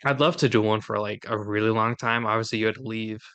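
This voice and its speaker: Upbeat guy from minnesota co-hosting a podcast, crisp bright voice, laughs a lot. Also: lowish voice, fairly even intonation, quick pace. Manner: chatty, upbeat, laughs often. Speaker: podcast co-host. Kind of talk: casual chat.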